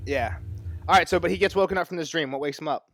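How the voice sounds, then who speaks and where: Animated, slightly higher-voiced man. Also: fast, slight background noise. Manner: animated retelling, heavy use of "like". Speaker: podcast co-host. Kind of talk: casual book discussion.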